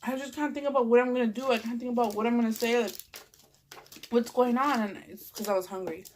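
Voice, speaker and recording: A woman's voice: a little high, fairly even intonation, quick pace, a little mellow, slight background noise. Young woman, Californian accent, stuffed-up nose, rambling vlog chat, plenty of fillers. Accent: Californian English. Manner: rambling, chatty, lots of "like" and fillers. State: stuffed up from a cold. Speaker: vlogger. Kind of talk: casual eating vlog chat.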